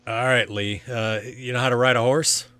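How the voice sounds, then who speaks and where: A man's voice: medium pitch, fairly even intonation, normal speed, sharp tone, lightly acted. A man voicing a friendly, chatty wanderer on horseback in a tabletop game. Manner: easygoing, chatty, wary.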